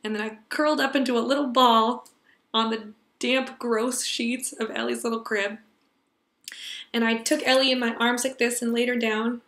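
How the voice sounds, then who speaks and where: A young woman telling an earnest personal story to a class, tender and sometimes dropping to a hush. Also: fairly high pitch, fairly even intonation, normal speed, roomy sound. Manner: earnest, tender, drops to a hush for quiet moments.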